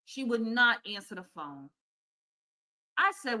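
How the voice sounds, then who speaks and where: A grown woman streaming live and telling a story about a falling-out with a friend, her voice bright and fairly high. She talks in a casual, animated way, swears freely and slips into the voices of the people she quotes. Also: slow. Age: adult. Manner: animated, profane, acts out quoted dialogue.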